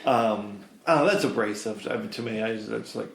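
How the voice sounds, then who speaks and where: A man co-hosting a podcast in casual comedic chat, agreeable and quick with quips. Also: on the low side, vocal fry, echoey room, a little hiss or hum. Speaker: podcast co-host.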